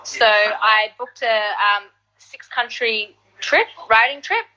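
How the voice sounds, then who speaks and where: Woman, singer guest, animated storyteller, bright voice, slightly high. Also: slow pace, rough recording. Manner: animated, laughs while telling stories. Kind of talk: casual interview storytelling.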